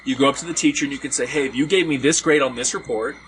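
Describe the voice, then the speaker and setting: A man's voice: medium pitch, rapid-fire. Man telling a story outdoors, noisy. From Hawaii. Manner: animated, acts out quoted voices. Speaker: podcast host telling a story. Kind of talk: casual storytelling among friends. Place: outdoors around a fire at a party. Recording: outdoor party gathering with background noise.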